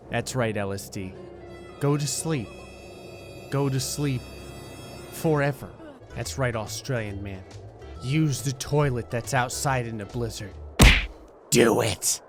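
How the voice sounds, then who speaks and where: A man's voice: mid-range voice, moderate pace, music in the background. Sarcastic man narrating a life-sim game. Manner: sarcastic, mocking, puts on voices for the game characters. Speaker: gaming YouTuber. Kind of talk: comedic gameplay commentary.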